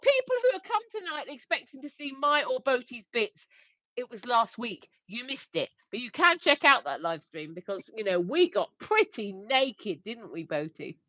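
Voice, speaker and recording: Giggly woman, lively pitch. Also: moderate pace, no echo. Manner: giggly, reads viewer comments aloud. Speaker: livestream co-host. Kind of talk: casual livestream chat. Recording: dry, slightly dull lo-fi stream audio.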